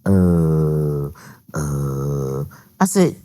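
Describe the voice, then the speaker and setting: A woman's voice: a bass voice, very slow. Older woman telling family stories. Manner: animated, acts out her own and her grandsons' quoted lines. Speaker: guest. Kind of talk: casual storytelling. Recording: studio podcast with laughing audience.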